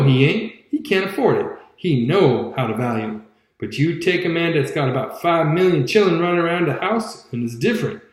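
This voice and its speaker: A man voicing a stubborn, argumentative adult man in an audiobook reading, with a Southern accent and a lowered drawl. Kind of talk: audiobook character voice. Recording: very echoey room.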